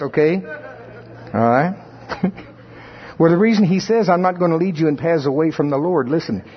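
A man's voice: medium pitch, breathy edge. A man preaching a sermon in a conversational way, sometimes acting out the voices of churchgoers. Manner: conversational, playfully acts out congregants' voices. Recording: dull lo-fi sound.

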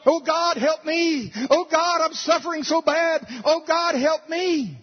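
A man putting on the voice of a whiny, self-pitying believer who begs God for help in a high, pleading, childlike whine. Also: a little slow, big-room sound. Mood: whining. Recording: dull lo-fi recording.

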